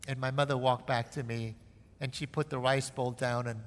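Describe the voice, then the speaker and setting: A man's voice: mid-range voice, flat delivery, normal speed, in a large hall. A man from Cambodia, a missionary preacher giving an earnest sermon testimony that rises into impassioned pleading.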